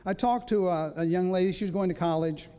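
A man's voice: sits high, fast talker, dark tone, smooth. A man preaching a sermon in a church, telling stories and acting out voices with self-mocking humor. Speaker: pastor. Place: church sanctuary. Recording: long reverb of a large hall.

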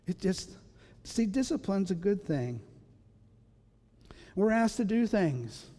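A man's voice: sits high, big pitch swings, slow pace, mellow. A man preaching a sermon in a church, telling stories and acting out voices with self-mocking humor. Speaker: pastor. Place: church sanctuary. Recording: long reverb of a large hall.

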